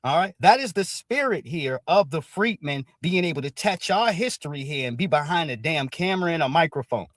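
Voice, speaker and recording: A man's voice: fairly high pitch, a little fast, few pauses, no room sound, studio quality. A man giving casual, profane livestream commentary, dropping "all right" between nearly every thought. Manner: animated, profane, repeats "all right" as a filler.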